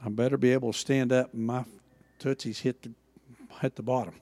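A man preaching a sermon, acting out Bible dialogue with lively emphasis. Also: medium pitch, a little fast, in a large hall. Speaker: pastor.

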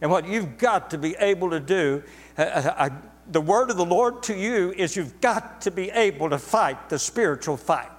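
A man's voice: high-pitched, animated, moderate pace, big-room sound. A man preaching a sermon to a congregation, emphatic and repetitive, drawing words out for stress. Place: church sanctuary.

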